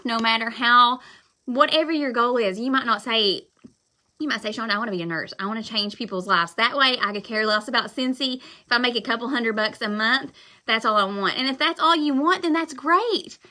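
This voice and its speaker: A direct-sales consultant delivers a live-stream pep talk, loud, fired up and emphatic, blunt yet quick to say sorry. Her bright, forceful voice sits slightly high, and she rambles, looping back to the same points.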